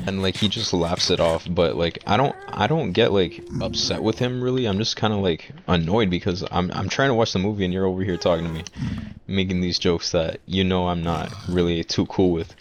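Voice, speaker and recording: Young male vlogger, very low voice, rambling storytime with restarts, faint hiss behind. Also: steady tone, a little fast. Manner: rambling, many restarts and fillers. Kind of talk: casual storytime.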